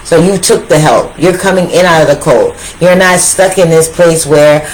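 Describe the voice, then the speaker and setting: A woman giving a casual tarot reading, talking straight to her viewers in an animated, slangy way that repeats phrases for emphasis. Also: lowish voice, moderate pace, slight background noise, poor audio. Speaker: tarot reader.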